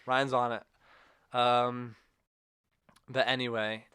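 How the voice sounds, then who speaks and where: A man's voice: medium pitch, level tone, slow, sharp tone, smooth, no echo, clean studio sound. A man hosting a podcast, telling a long story in a rambling, self-correcting way. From England. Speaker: podcast host. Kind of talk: casual chat.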